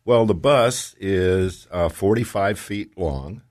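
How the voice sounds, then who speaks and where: An older man, a retired podcast guest, answering questions in a relaxed, halting way with frequent ums. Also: deep voice, dry recording, studio quality. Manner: relaxed and halting, with many fillers. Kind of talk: casual interview.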